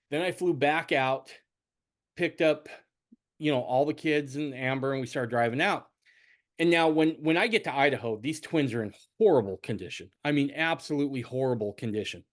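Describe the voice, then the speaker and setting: A middle-aged man hosting a podcast, telling a family story in casual conversation, repeating words and rambling. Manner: rambling, repeats words, animated swings in pitch. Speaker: podcast host.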